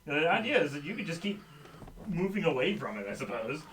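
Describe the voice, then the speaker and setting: Bright-voiced man running a game. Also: on the high side, big pitch swings, a little fast, distant mic, a little hiss or hum. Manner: laughs often. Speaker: game master. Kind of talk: narrating a tabletop game.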